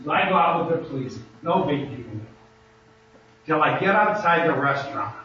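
A man's voice: on the high side, lively intonation, moderate pace, sharp tone. Man telling folksy stories in an echoey hall. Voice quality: folksy, laughs while telling. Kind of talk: humorous storytelling sermon. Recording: echoey, distant, dull and noisy.

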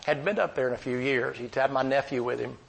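A man's voice: mid-range voice, fairly even intonation, quick pace, vocal fry, slight background noise, rough recording. A man preaching a sermon, telling folksy, rambling stories in plain country talk. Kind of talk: storytelling sermon.

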